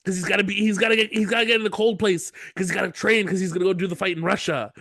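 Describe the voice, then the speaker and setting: A man co-hosting a casual podcast, excitedly retelling a movie plot and acting out its lines with frequent laughter. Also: sits high, racing, creaky, no room sound, studio quality. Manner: excitable storyteller, acts out lines, laughs often. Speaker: podcast co-host.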